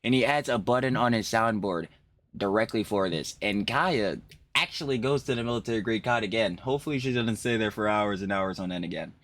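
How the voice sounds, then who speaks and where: A man hosting a casual reaction stream, animated and profane, repeating himself for emphasis. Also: on the low side, brisk.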